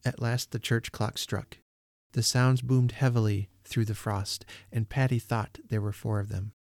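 Man calmly reading a storybook. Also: medium pitch, no room sound, studio quality. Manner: calm, measured reading. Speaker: podcast host. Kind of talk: storybook narration.

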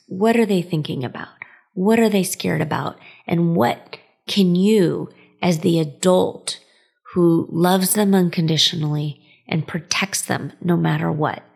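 A woman's voice: fairly low pitch, creaky, husky. A woman in her thirties hosting a podcast, telling personal stories in a chatty way and laughing often. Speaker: podcast host. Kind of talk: casual storytelling monologue.

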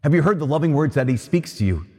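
A man's voice: fairly high pitch, sing-song, quick pace, warm tone, husky. A man giving a homily at Mass, earnest and conversational, often repeating himself as he builds a point. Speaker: priest. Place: cathedral. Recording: long reverb of a large church.

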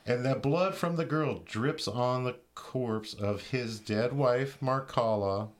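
A man co-hosting a podcast, recapping a film in a casual, profane, deadpan way. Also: medium pitch, takes it slowly. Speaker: podcast co-host.

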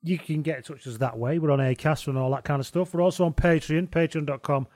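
A man's voice: a little high, fast talker, darkish tone, no echo, clean studio sound. A young man co-hosting a podcast, joking, swearing and reading out listener messages in casual chat. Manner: sweary, jokey, reads listener messages aloud. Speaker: podcast co-host.

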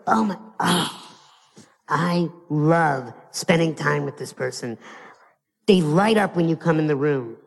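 Man, motivational speaker, playful, animated, live speech, long hall reverb. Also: sits high, gravelly. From United States. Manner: playful and animated, acting out other people's lines. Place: large hall before an audience.

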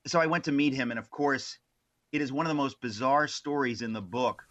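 Male author guest, bright forceful voice, slightly dull lo-fi sound, animated storyteller. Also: mid-range voice, a little fast. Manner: animated, many restarts and asides. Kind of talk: casual interview storytelling.

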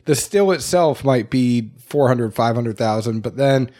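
A man's voice: medium pitch, animated, measured pace, warm tone. A man hosting an interview show, chatting casually with his guests. He is curious and asks lots of questions. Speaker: host.

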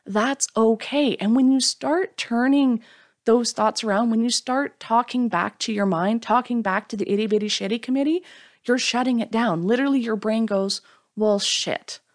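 A woman's voice: fairly high pitch, fairly even intonation, moderate pace. A woman hosting a solo motivational podcast, talking frankly and upbeat, sometimes acting out her own doubting inner voice. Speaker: podcast host.

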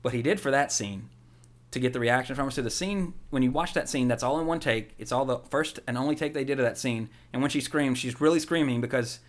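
A young man co-hosting a casual movie podcast. He talks at a quick clip, rambling from one thought to the next with excitable energy. His pitch sits in the middle. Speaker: podcast co-host.

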